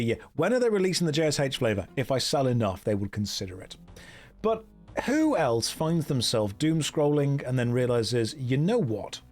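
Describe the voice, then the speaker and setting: Joking British man streaming a game. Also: mid-range voice. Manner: joking, self-mocking, reads chat aloud. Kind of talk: casual game stream chat.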